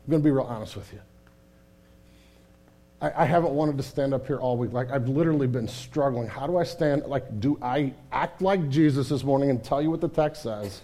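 A man preaching a sermon in a candid, conversational way, often restarting his sentences and swinging from hushed and somber to loud and animated. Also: mid-range voice, a little fast. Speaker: pastor.

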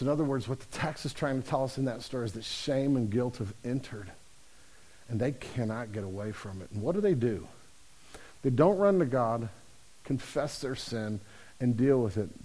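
A man's voice: mid-range voice, mellow. A man preaching a sermon as pastor, speaking in a conversational, earnest way with frequent restarts.

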